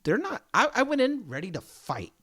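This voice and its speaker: A man's voice: very high-pitched, brisk, no room sound, studio quality. A man co-hosting a podcast, chatting casually and acting out the other people in his stories. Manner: animated storyteller, acts out dealer dialogue. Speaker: podcast co-host. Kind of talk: casual chat.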